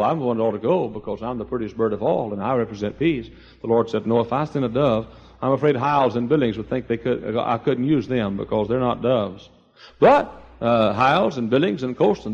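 An older man preaching a sermon, telling folksy stories and swinging between quiet asides and loud, high exclamations. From East Texas. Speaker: pastor.

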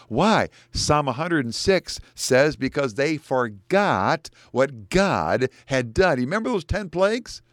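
A middle-aged male pastor preaching a sermon, animated and climbing high in pitch whenever he quotes scripture. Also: dry recording, studio quality.

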